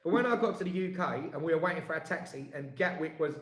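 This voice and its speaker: A man's voice: a little high, lively intonation, fast talker, a bit bright. A man telling an indignant story in casual chat, with lots of restarts. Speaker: co-host. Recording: echoey room.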